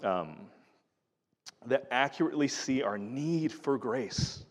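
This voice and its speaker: A middle-aged man preaches in an earnest, conversational style, stumbling over restarts as he talks. His voice sits at an ordinary pitch, and a long reverb trails each phrase as if in a large hall. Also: slightly rough. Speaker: pastor. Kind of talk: sermon.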